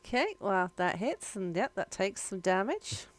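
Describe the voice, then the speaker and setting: A woman game master calls for saves and tallies damage in an unhurried, chatty way. Her pitch swings up and down freely as she talks. She teases her players lightly. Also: very animated, no room sound. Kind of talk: running a tabletop game.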